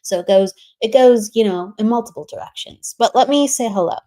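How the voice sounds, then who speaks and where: A woman with a fairly quick, mellow voice on the high side hosts a spiritual livestream over a remote streaming setup. She chats casually, laughs often, and greets viewers by name.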